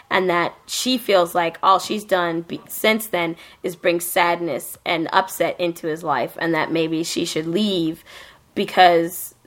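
A young woman co-hosting a casual chat about anime, animated and profane, acting out characters as she recaps. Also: fairly low pitch.

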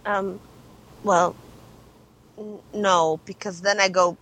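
A woman's voice: mid-range voice, fairly even intonation, takes it slowly, a bit bright, rough recording. A woman co-hosting a casual chat, playful and teasing, peppering her talk with "like". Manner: playful, teasing, full of "like" and whoops.

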